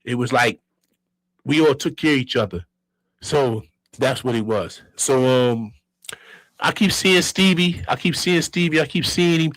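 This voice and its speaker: A man in his fifties from Brooklyn with a New York accent, telling stories as a guest in an animated, streetwise and profane way. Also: a little high, normal speed, no echo, poor audio. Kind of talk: casual storytelling.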